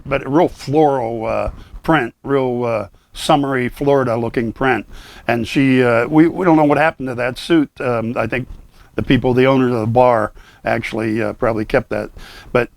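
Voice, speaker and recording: A mid-range voice with vocal fry belongs to an older man who makes his living as Santa. Appearing as a guest, he chats loosely with lots of fillers and restarts, recorded with no echo.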